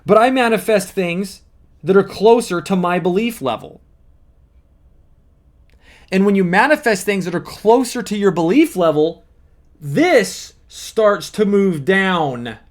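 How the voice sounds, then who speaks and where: A man's voice: sits high, animated, unhurried. A man speaking as a manifesting coach, explaining step by step in an earnest teaching monologue with repeated emphasis.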